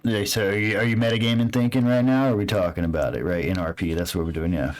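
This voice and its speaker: Brief: a man with a lowish voice running a tabletop game, relaxed and profane. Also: fast, poor audio. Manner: casual, swears freely, lots of fillers. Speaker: game master.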